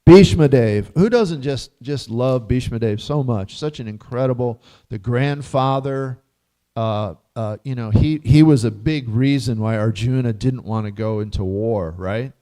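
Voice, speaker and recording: Mellow-voiced man teaching a scripture class. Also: mid-range voice, measured pace. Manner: chatty, laughs often, quizzes listeners. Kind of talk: casual scripture class talk. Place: temple hall.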